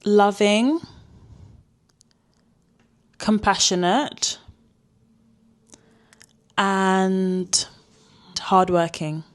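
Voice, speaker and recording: A woman's voice: medium pitch, steady tone, very slow, pauses often. A young woman, asking her mother questions in a casual chat and talking straight to viewers. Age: early 20s. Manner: chatty, addresses viewers directly.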